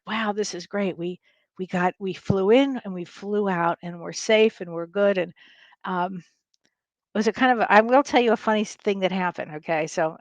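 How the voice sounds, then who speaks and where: Woman, older, livestream host, chatty, laughs often, mid pitch, dry close mic. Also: no room sound. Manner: chatty storyteller, laughs often, rambling restarts. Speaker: spiritual medium host. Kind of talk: casual livestream chat. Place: home livestream. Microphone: webcam or streaming mic.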